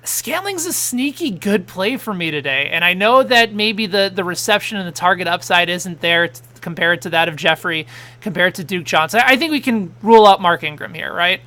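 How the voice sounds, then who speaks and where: A man hosting a live fantasy football talk show, excitable and quick in back-and-forth, reading out viewer questions. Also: high-pitched.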